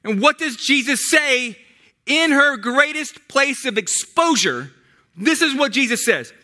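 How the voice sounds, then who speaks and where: Male pastor, sermon, very high and piercing tone, emphatic repeats. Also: sing-song, measured pace, sharp tone. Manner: emphatic and repetitive, with many restarts.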